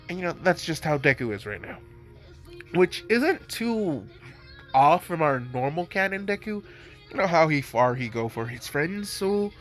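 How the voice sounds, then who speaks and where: A man's voice: a little high, fairly bright tone. Rambling man with a stuffy nose. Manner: rambling, loaded with fillers. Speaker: storyteller. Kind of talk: casual fan-fiction narration.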